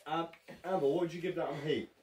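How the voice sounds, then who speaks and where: A man's voice: fairly high pitch, steady tone, fast talker, a little mellow. A man hosting a casual hot sauce tasting, joking and swearing, hiccuping. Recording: echoey room, far from mic, noisy.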